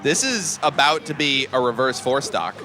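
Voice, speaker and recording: A man commentating a live fighting game match, chatty and quick to laugh. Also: medium pitch, animated, pushed and bright, faint music behind.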